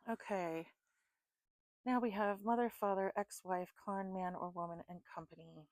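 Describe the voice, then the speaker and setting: A woman's voice: medium pitch, fairly even intonation, unhurried, a little mellow, dry recording. A woman giving a casual tarot reading to her viewers, frustrated and swearing often, laughing at her own exasperation. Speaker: tarot reader.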